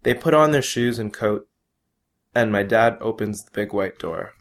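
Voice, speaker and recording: A man reading his own first-person story aloud in a measured, plain way. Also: on the low side.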